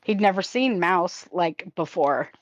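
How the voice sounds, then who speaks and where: A woman's voice: fairly low pitch, lively intonation, a little slow, no echo. An older woman chatting casually with her sister on a crafting livestream, telling family stories with frequent laughs. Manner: chatty storyteller, laughs often. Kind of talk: casual chat with a sibling on a livestream. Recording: dry, slightly dull home stream audio.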